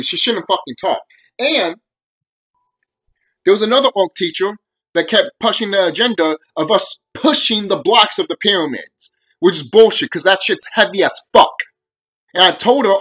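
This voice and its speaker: A man's voice: sits high, lively intonation, moderate pace, pauses often, bright, forceful tone. A young man ranting to camera on his video channel, heated and full of profanity and repeated phrases. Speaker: vlogger.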